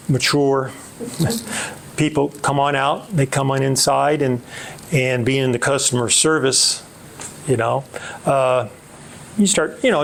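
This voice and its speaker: A middle-aged man, an author, telling a personal story at a book talk in a halting way, with many restarts and fillers. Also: on the high side, vocal fry, a little hiss or hum.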